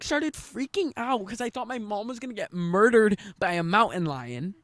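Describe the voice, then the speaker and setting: A young woman chats on a casual podcast and tells a school story. She acts out what people said and laughs easily. Her voice sits in a middle pitch. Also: normal speed, a crowd in the background. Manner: animated storytelling with quoted dialogue and laughs. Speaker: podcast co-host. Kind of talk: casual chat.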